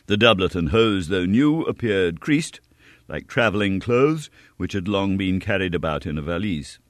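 A man narrating a novel in an expressive, measured audiobook reading. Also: low voice, dry recording, studio quality.

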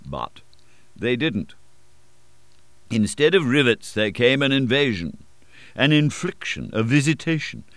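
A man narrating a classic novel as an audiobook, reading expressively with wide swings in pitch and loudness. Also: clear, resonant tone, no echo.

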